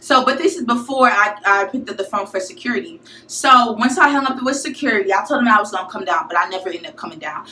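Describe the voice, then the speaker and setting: A young woman from St. Louis telling a college story to her viewers in a casual, slangy, animated way. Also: mid-range voice, fast, few pauses, a little hiss or hum. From St. Louis, USA. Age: young adult. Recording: echoey room, mic at a distance.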